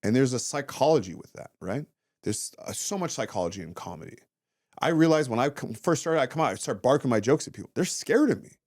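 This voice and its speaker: A man in his thirties talks quickly, his pitch leaping up and down as he tells stories. He acts out what people said to him and swears casually. The sound is dry and close. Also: no room sound. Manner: animated storytelling, acts out quotes, swears often. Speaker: guest, former fighter turned comedian. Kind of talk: casual interview chat.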